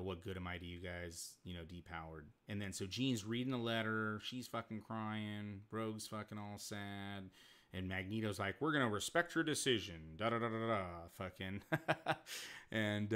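A man talks through a cartoon episode on his livestream in a lowish voice. He rambles and swears freely, dropping quick voiced asides for the characters as he goes. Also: fairly bright tone. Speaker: streamer reviewing comics and shows. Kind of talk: casual livestream commentary.

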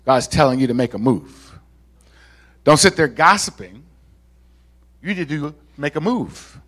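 A male pastor preaching a lively sermon to a congregation, with casual asides and laughs. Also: fairly high pitch, a little slow. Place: church sanctuary.

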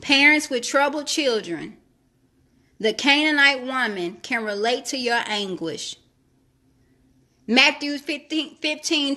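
Urging listeners to trust God with repeated phrases, a woman reads scripture aloud and comments on it in sermon-style devotional teaching. Her high voice is bright and forceful, at a normal speed.

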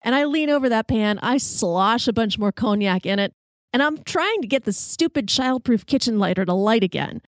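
A woman's voice: a little high, animated, normal speed, no echo. Woman host spinning a comic kitchen tale, self-mocking and wry, dry close mic. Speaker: podcast host. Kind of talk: comic personal storytelling.

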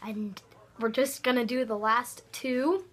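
A woman's voice: fairly high pitch, steady tone, unhurried, a bit bright. A woman making a casual, goofy home video, giggly and bossy with her sibling. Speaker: vlogger. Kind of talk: casual chat.

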